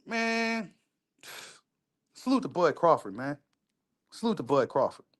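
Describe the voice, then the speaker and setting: A man talks in a high, excitable register as he reacts to a video. He repeats lines for emphasis and drops curse words freely, in loose casual commentary. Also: slow pace. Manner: repetitive, emphatic, profane street talk.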